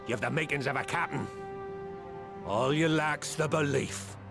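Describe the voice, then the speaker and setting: An actor playing a weathered old male pirate captain who scolds and rallies his crew in gruff pirate speech for a game cutscene. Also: fairly high pitch, measured pace. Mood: rousing. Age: older. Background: game music.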